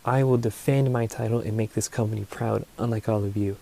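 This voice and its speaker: A man's voice: on the low side, steady tone, fairly quick, vocal fry, dark tone. A man voicing a brash, rambling woman wrestling champion who cuts a profane, goofy in-character promo. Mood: angry.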